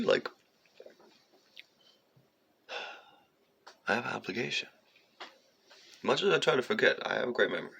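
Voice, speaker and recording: Man, gravelly low voice, lively swooping pitch, rambling profane storytelling. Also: moderate pace, pauses often. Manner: profane, meandering, animated, talks aside to his cat. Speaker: vlogger telling a personal story.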